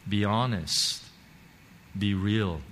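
A man's voice: on the low side, very slow, a bit bright. A man preaching a sermon as pastor, earnest and repetitive, with many fillers and restarts. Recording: long hall reverb, faint background noise.

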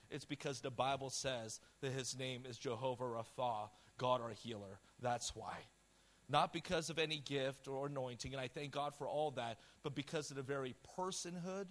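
A man preaching a sermon, telling a personal testimony with quoted dialogue in a passionate, loud style. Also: medium pitch. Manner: storytelling with quoted dialogue, repeated words.

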